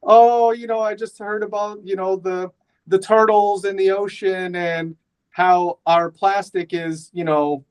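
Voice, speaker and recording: Brief: man putting on a weepy wife, high and wavering. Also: steady tone, unhurried, smooth. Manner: whiny, high-pitched and wavering. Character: tearful distraught wife, sobbing over sad news.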